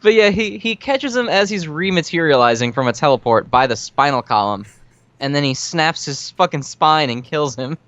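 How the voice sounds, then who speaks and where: Male podcast co-host, higher voice, smooth and resonant, profane sarcastic recaps; dull, dry lo-fi mic. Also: lively intonation, fairly bright tone, no echo. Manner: rapid, profane plot-recapping with sarcastic asides. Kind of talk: casual movie recap chat.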